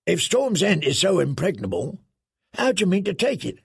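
A skeptical mercenary officer, played by an audiobook narrator probes the plan in a quick, higher voice. A husky, gravelly grain carries through the dry recording. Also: male voice, sing-song, no room sound, full character voice.

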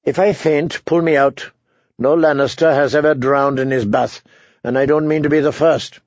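A man voicing a proud, bitter, maimed male knight who talks in a sardonic, mocking way with a gravelly voice. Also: fairly high pitch, fairly even intonation, moderate pace, no room sound, close to an everyday voice. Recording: dull dry lo-fi recording.

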